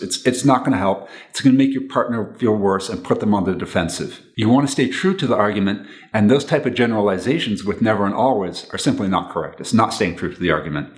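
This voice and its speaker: A man giving relationship advice to camera in an earnest, instructional way, repeating his key points. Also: fairly low pitch.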